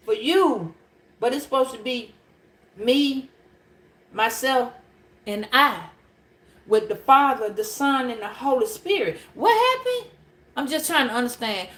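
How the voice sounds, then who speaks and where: Woman, high voice, preachy live-stream spiritual message, repetitive and emphatic, roomy echo. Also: a bit bright. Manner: emphatic and preachy, repeats phrases, talks straight to viewers. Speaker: spiritual reader addressing a live chat.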